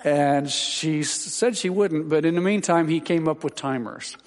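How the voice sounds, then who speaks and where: Male Baptist pastor, slightly high voice, folksy, rambling announcements full of fillers and wry jokes; long church reverb. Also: measured pace. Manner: rambling and homespun, with many fillers and dry humorous asides. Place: large church sanctuary.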